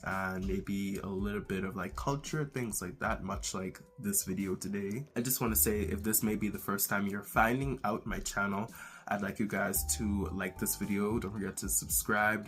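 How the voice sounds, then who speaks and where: A young man from the Bahamas with a Bahamian accent and a raspy voice, hosting his own channel in a relaxed, casual way with many fillers. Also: lowish voice, normal speed, faint music behind. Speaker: channel host. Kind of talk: casual vlog monologue.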